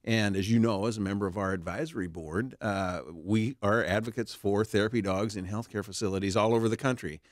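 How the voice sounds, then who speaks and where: A man with a low voice tells stories as an interview guest, full of fillers and restarts. His voice sits close and dry, with no room sound around it. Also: fairly even intonation, a little fast, hardly any pauses, no room sound. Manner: warm anecdotal telling with many fillers and restarts. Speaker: author and therapy dog charity founder.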